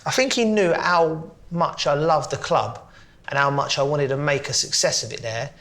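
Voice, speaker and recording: A man in his forties with a London accent chatting as a guest, a touch higher-pitched than most men. He tells his stories with frequent laughter and puts on voices for the people he quotes. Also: normal speed, a bit bright. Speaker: guest, former footballer. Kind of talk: casual chat with anecdotes.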